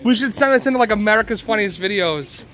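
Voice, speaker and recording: A man filming a family vlog with his phone outdoors, teasing his niece and exclaiming loudly. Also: high voice, animated, fast talker. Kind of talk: casual family vlog chat. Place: outdoors at a home driveway and backyard. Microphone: phone held while filming.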